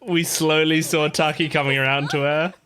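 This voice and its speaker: A woman's voice: sits low, fairly even intonation, normal speed, a bit bright. A woman hosting an anime reaction video, talking casually and emotionally, with exclamations and swearing. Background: faint anime music.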